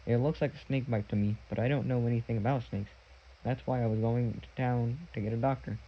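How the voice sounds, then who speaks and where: A man's voice: medium pitch, steady tone, fairly quick, dull audio, natural voice. A man reading a sly villainous man who hisses threats and puts on fake sorrowful politeness. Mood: smooth, fake.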